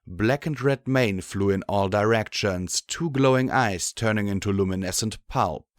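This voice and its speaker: A man reading a fan fiction audiobook in a steady, measured way. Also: lowish voice, dry recording, studio quality. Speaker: audiobook narrator.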